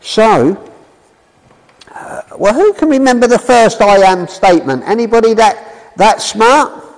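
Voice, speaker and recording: A man preaching in a chatty, questioning way, his voice high and swinging up and down. He talks at an unhurried pace. His words carry a long reverb, as if he were in a big hall. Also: expressive. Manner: chatty, asks the audience questions. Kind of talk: informal sermon to a congregation.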